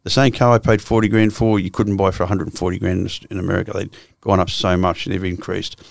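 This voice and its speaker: A man's voice: deep voice, little pitch movement, quick pace, creaky. A man in his sixties with an Australian accent, a guest telling his life story bluntly and profanely, full of restarts. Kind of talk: candid storytelling interview.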